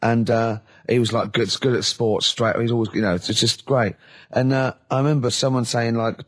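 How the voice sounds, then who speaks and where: Man, husky voice, teasing, mocking, radio host. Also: mid-range voice, fairly even intonation. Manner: teasing, mocking, quick interruptions. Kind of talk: casual radio chat.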